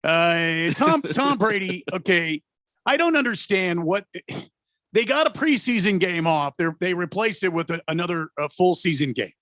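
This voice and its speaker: A man's voice: high-pitched, expressive, moderate pace, a bit bright, no room sound. A man co-hosting a sports radio show in easygoing, jokey chat. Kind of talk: casual sports talk.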